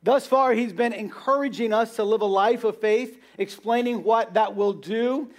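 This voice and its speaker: A man's voice: sits high, normal speed. A man preaching a sermon, earnest and repeating his points for emphasis.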